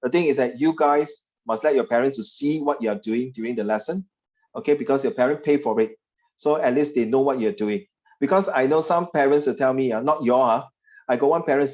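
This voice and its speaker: A man's voice: medium pitch, a little fast, a little mellow, dull audio. A man with a Singaporean English accent, teaching a class over a video call, chatty and teasing. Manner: chatty, teasing, puts on voices of parents and students. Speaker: tutor.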